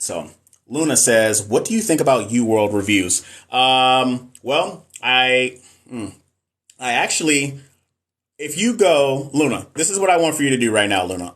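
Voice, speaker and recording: A man's voice: mid-range voice, fairly bright tone. A middle-aged man, a nurse and NCLEX coach, chatting casually on a live stream and answering viewer comments in a frank, emphatic way.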